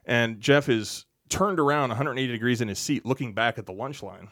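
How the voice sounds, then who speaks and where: A man on a podcast as a guest, telling a relaxed, chatty anecdote full of asides. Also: medium pitch, a little fast, no echo, studio quality. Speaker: podcast guest, actor and stuntman. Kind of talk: casual storytelling on a podcast.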